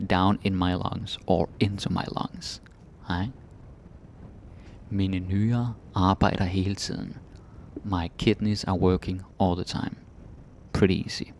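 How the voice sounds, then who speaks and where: Slow, gravelly-voiced male teacher. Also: sits low, a little hiss or hum. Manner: slow, repeats each word, tags phrases with "eh?" and "ikke?". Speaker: Danish language teacher. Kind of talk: language lesson, repeating words with translations.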